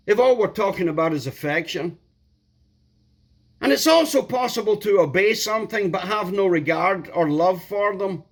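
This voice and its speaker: A man's voice: sits high, a bit bright. A man preaching a sermon, emphatic and repeating key words for stress.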